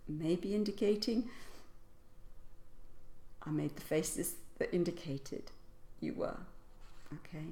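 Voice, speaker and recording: A woman's voice: fairly low pitch, slow pace, pauses often, dark tone, reverberant. A woman teaching public speaking in a casual lesson, playfully acting out example lines with exaggerated stress. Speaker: voice and speaking coach.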